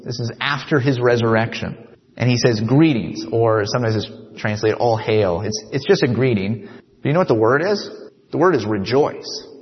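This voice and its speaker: A man preaching a sermon in an earnest voice, often turning to the congregation with a quick "right?". His voice sits in a middle register and carries a long hall reverb. The sound is dull and muffled, as if recorded on a low-grade system. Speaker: pastor.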